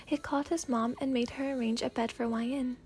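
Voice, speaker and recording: Casting: woman narrator, gentle soft ASMR fanfic reading, slightly high voice. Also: fairly even intonation, a little fast, a little hiss or hum.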